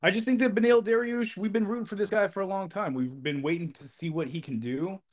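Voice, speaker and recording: A man co-hosting a casual sports betting podcast, speaking in a relaxed, halting way with many fillers. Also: high voice. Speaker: podcast co-host.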